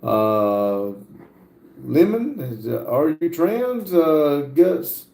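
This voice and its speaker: A middle-aged man with an American accent hosting a livestream, casually reading out viewer comments and answering them, often pausing with "uh". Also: fairly high pitch, big pitch swings, vocal fry, warm tone. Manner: halting, fills pauses with frequent "uh". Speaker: livestream host. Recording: roomy echo.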